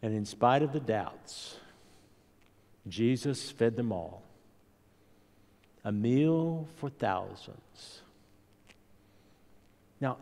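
A male pastor preaching a sermon, telling stories slowly and deliberately and building repeated refrains. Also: mid-range voice, creaky, dark tone. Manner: slow, deliberate storytelling delivery with rising repeated refrains. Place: church sanctuary. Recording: long church hall reverb.

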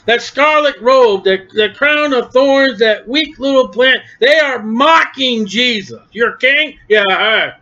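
A male preacher with a high voice delivers a fervent sermon. He swings between low, quiet stretches and shouted peaks. The recording sounds dull and lo-fi. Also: takes it slowly, hardly any pauses.

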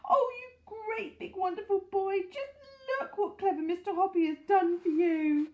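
A woman's voice: high voice, wildly swooping pitch, slow, darkish tone, a little hiss or hum, pitched above the performer's own voice, exaggerated voice. Woman putting on a gushing, squealing old lady. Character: excitable doting older lady, tortoise owner.

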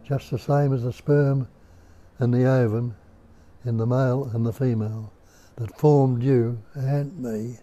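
An older man with an Australian accent, giving a slow, musing spiritual talk at home and putting rhetorical questions to his listeners. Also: mid-range voice, fairly even intonation, warm tone, lo-fi sound. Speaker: spiritual teacher. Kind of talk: unhurried nondual teaching talk. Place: indoor room at home.

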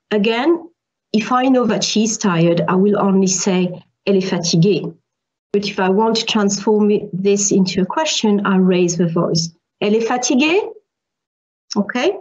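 A woman's voice: mid-range voice, darkish tone, dull audio. A female university lecturer giving an online French lesson, explaining patiently with examples and repeating key points.

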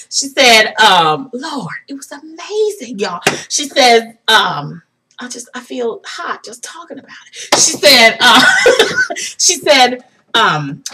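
A young woman telling an excited personal story for her vlog, laughing and swinging from hushed tones to shrieks. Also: on the high side, measured pace, very noisy. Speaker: vlogger.

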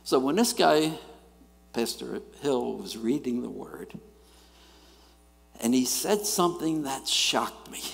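A middle-aged man, preaching a sermon and telling stories in an animated way, swinging between loud and quiet. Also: mid-range voice, slow pace, creaky, pauses often. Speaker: guest preacher. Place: church sanctuary. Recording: church hall reverb.

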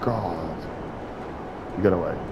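Excitable trash-talking gamer man. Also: low voice, takes it slowly, noisy background. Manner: excitable, swearing, trash-talking other players. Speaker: gaming YouTuber. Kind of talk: casual gameplay commentary.

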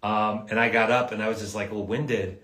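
A man, a voice actor, casually telling stories and answering fans' questions in a live session, in a halting way with frequent restarts and repeated words. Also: fairly low pitch, steady tone, a bit bright. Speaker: voice actor guest at an autograph livestream. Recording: roomy echo.

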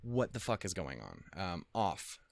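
A man's voice: sits low, very animated, a little slow, gravelly. A man hosting an anime reaction video, rambling casually in a profane, self-deprecating and easily flustered way.

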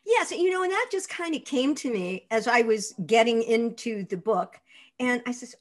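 An older actress, a guest in an interview, telling stories in a lively way, laughing often and acting out the lines of people in them. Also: female voice, on the high side, moderate pace. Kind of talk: anecdotal interview storytelling.

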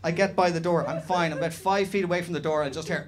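Young Irish stand-up, animated and sweary, slightly high voice, live club with audience laughter. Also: male voice, fast, crowd noise. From Ireland. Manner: animated, swearing, shouted impressions. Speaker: stand-up comedian. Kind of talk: stand-up comedy set. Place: small comedy venue with live audience.

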